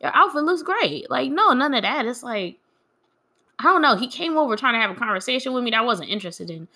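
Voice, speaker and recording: Young woman, bright voice, grieving, candid personal vlog storytelling. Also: on the high side, lively intonation, quick pace. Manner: candid, frank, quietly aggrieved.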